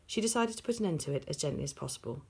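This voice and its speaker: A woman reading a children's novel aloud, steady and expressive. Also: low voice, racing, gravelly, husky. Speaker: audiobook reader. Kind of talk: storybook read-aloud.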